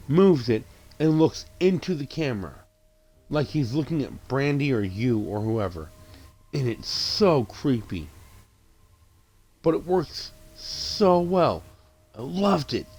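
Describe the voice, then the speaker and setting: A man talks through a horror movie he just watched in a loose, unscripted recap. He swears freely, stumbles and restarts his sentences, and slips into quick acted-out bits of what the characters said. His voice sits at an ordinary middle pitch. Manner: excitable, profane retelling with frequent restarts and acted-out quotes. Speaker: movie reviewer. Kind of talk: casual spoken movie recap.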